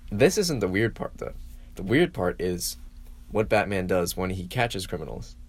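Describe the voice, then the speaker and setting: A man's voice: sits low, sing-song, normal speed. A man in casual comedic chat, playful and riffing, often laughing.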